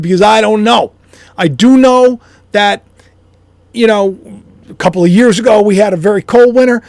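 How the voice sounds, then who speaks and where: A man's voice: high voice, a little fast, darkish tone, dry recording. A man, a YouTuber and author, rambling through a casual speculative monologue at home with self-deprecating asides and chuckles.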